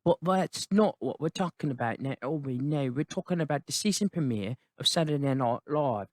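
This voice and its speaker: A man's voice: a little high, animated, moderate pace, a little mellow, no room sound, clean studio sound, natural voice. A man putting on a cheeky British bloke. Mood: cheeky chatter. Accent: put-on British. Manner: rambling, cheeky, full of British slang tags. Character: chatty British bloke, adult male fixer, cheeky and rambling. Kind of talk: comedic character review.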